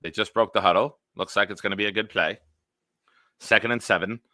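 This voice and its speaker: A man's voice: on the low side, steady tone, pushed and bright, no room sound. A man putting on an old-time 1920s radio announcer voice for punchy football play-by-play. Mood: excited. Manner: rapid, punchy announcer delivery.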